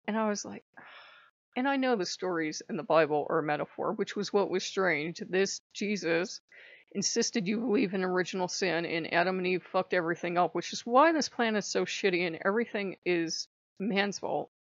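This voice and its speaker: A woman ranting on her vlog in an animated, sarcastic way, swearing freely, on a dull, dry recording. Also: fairly low pitch, fairly quick, dry recording. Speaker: vlogger. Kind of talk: casual vlog rant.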